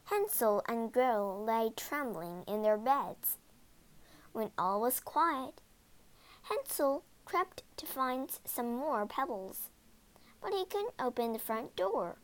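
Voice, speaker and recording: A woman narrating a children's storybook aloud in an animated, dramatic way. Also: a little high. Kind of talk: expressive storybook read-aloud.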